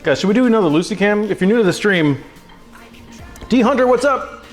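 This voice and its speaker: A man's voice: high voice, animated, fairly quick, faint music behind. A man hosting a cooking livestream from his kitchen, chatting casually and self-mockingly and cooing at his dog. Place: home kitchen.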